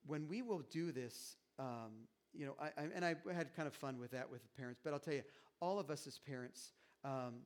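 A middle-aged man preaching a sermon as pastor, animated and jokey, acting out little quoted asides to the congregation. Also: mid-range voice, moderate pace.

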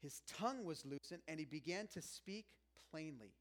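A man delivers a sermon in a loose, conversational style, joking with the congregation. His voice sits a little higher than most men's. He swings from near hushes up to loud, pressing emphasis. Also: expressive, moderate pace. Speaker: pastor.

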